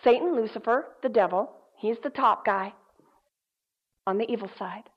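A woman pastor with a slightly hoarse voice, preaching in a chatty storytelling way with many fillers. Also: a little high, normal speed. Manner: conversational, emphatic, with many fillers. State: hoarse, recovering voice. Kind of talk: sermon with storytelling. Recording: dull lo-fi recording.

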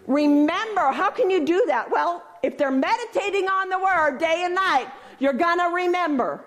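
A woman's voice: extremely high pitch, lively intonation, normal speed, fairly bright tone. A woman teaching from the Bible, reading verses aloud and repeating key phrases for emphasis, asking listeners to repeat after her. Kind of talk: sermon.

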